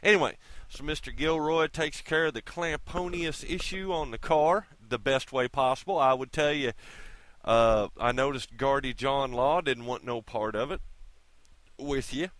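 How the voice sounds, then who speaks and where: A male video blogger goes on a casual, folksy rant straight to his viewers, calling them kids and swearing plenty. His voice is medium-pitched and a bit bright, at normal speed, with no echo.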